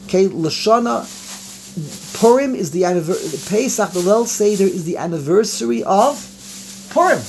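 A man giving an animated Torah class, repeating phrases and mixing in Hebrew and Yiddish words. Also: sits high, normal speed, a little hiss or hum. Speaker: rabbi teaching. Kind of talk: Torah class on the Passover Haggadah.

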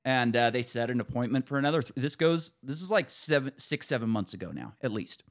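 A man's voice: medium pitch, fairly quick. Exasperated man telling a story. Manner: animated, exasperated retelling with profanity. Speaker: podcast host. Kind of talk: casual storytelling chat.

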